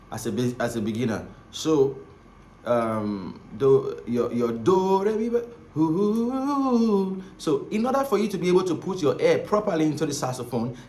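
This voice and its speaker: This saxophone teacher's voice is a little high and a little mellow. He rambles through a casual spoken lesson, repeating himself and often asking "right?" or "okay?", in an echoey room with faint ambient noise.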